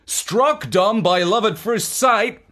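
A woman voicing a polite, earnest young boy, raising her voice to a higher, brighter register for him. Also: animated, takes it slowly.

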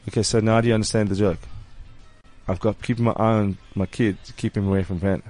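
A man's voice: fairly low pitch, fast talker, soft background music. A man, a father, co-hosting a casual radio chat show, often laughing as he tells stories. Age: adult parent. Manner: laughs often, animated storytelling.

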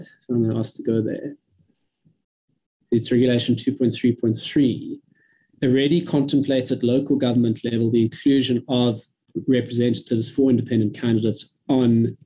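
A man from South Africa giving a measured, careful briefing to a parliamentary committee over a video call. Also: medium pitch, mellow, husky, rough recording. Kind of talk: formal briefing.

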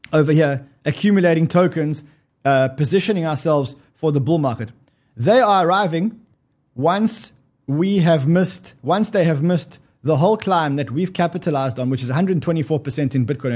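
Husky, animated male host. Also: a little high. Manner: animated, laughing, swearing, repeating himself. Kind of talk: casual market commentary.

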